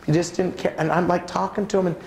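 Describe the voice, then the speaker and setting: A man preaches at a church conference, telling stories with lively swings in his voice. His voice sits a little high, with a gravelly edge. The sound is roomy, with a faint hum of background noise. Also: fast. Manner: animated, swings pitch widely while acting out stories. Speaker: conference speaker. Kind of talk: preaching talk with personal stories. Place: church auditorium.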